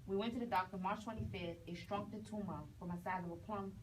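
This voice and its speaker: A woman's voice: mid-range voice, steady tone, fast. A woman giving an earnest testimonial to a group. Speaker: testimonial speaker. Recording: distant mic, crowd and noise behind.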